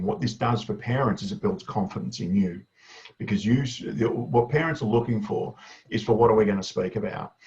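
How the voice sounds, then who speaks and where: A man giving a casual, energetic webinar tutorial to school leaders, chatty with asides. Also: lowish voice. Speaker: education consultant presenting a webinar. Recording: dull lo-fi webinar audio.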